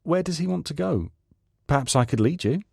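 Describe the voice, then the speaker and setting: A man's voice: on the high side, animated, a little fast, creaky, darkish tone, breathy edge, no echo, clean studio sound, pitched above the performer's own voice, full character voice. A man doing Tom Crabbe, a hard old blind beggar. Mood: confident.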